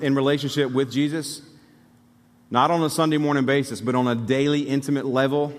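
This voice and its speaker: A male pastor from Alabama delivers a sermon in a mid-pitched voice. He preaches conversationally but emphatically and turns to the congregation with asides. The sound carries the long reverb of a church sanctuary.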